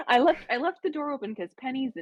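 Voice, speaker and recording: A woman's voice: high-pitched, expressive, fast, muffled recording. A woman co-hosting a game stream, chatting casually and often trailing off into laughs. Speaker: stream co-host.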